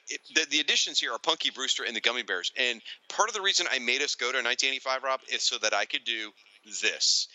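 A man co-hosting a casual chat, excitable and animated, now and then slipping into silly voices for quoted lines. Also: mid-range voice, no echo, low-quality recording. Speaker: podcast co-host. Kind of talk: casual chat about retro cartoons.

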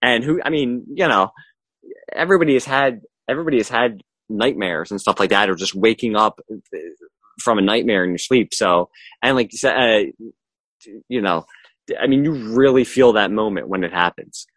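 A man's voice: fairly low pitch, normal speed, a bit bright, no echo. A man co-hosting a podcast, chatting casually and a bit hesitantly about a TV show. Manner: hesitant, lots of fillers and restarts. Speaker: podcast co-host. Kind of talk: casual TV discussion chat.

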